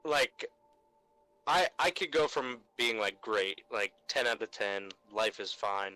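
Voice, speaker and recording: A man's voice: on the low side, expressive, slow pace, sharp tone, no echo, low-quality recording. A young man on a podcast, ranting in casual chat about customers at work. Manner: exasperated ranting, mock voices for customers. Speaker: podcast co-host. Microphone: remote call mic.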